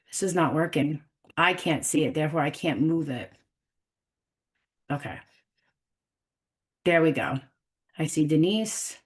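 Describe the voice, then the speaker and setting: A woman with a New York accent hosts a live video-call webinar, chatting casually and joking at her own expense as she fumbles with the technology. Her voice is deep, her pace measured, and she leaves long pauses.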